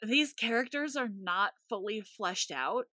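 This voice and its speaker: A woman's voice: on the high side, expressive, measured pace, pushed and bright, no room sound. A woman co-hosting a casual movie podcast, recapping the plot with wry, sarcastic asides. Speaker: podcast co-host.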